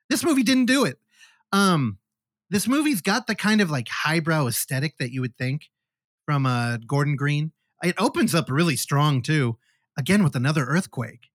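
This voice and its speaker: A man co-hosting a podcast, chatting casually about horror films, animated and swearing freely. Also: on the high side, dry recording, studio quality. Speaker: podcast co-host.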